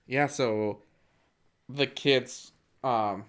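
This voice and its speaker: A man's voice: medium pitch, extremely slow, a bit bright. A man co-hosting a podcast, casually recapping a film in a rambling way with frequent fillers. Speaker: podcast co-host. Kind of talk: casual movie-review chat.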